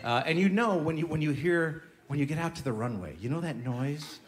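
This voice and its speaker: A man's voice: a little high, expressive, a little fast. A man performing a stand-up comedy set, telling a story with punchy delivery and mocking voices, recorded live in a comedy club. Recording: live club recording with audience laughter and noise. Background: audience laughing.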